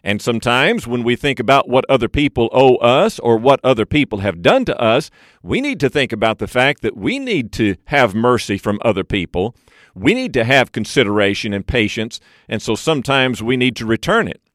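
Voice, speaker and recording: A man preaching an expository sermon, who slows down to lean on key phrases. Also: no room sound, clean studio sound. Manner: expository preaching with lively swings in pitch and slowed emphasis on key phrases.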